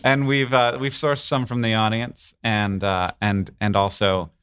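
A man's voice: on the low side, fairly even intonation, a bit bright, smooth. A man hosting a comedy podcast in front of a live audience, joking and asking questions. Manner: jokey, playful, quick asides. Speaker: podcast host. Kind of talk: casual live podcast chat. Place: stage before a live audience.

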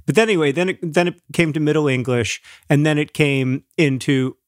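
A man co-hosting a podcast, chatting casually with playful deadpan jokes. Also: fairly high pitch, a little fast, no room sound, clean studio sound. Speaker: podcast co-host. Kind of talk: casual chat.

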